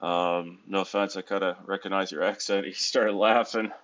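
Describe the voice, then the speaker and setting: Low-voiced tired American man vlogging. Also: fairly even intonation, normal speed, a bit bright, lo-fi sound. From United States. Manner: rambling, self-correcting, wry. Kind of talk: casual vlog monologue. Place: hotel room.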